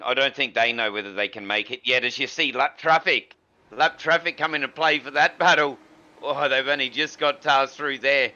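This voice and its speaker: Bright-voiced male co-commentator, dull audio. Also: mid-range voice. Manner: relaxed, with many fillers and restarts. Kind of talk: sim racing commentary.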